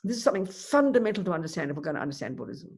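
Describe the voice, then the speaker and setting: Husky woman giving an animated dharma talk. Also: sits low, very fast. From Australia. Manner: animated, emphatic, uses vivid examples. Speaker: Buddhist nun teacher.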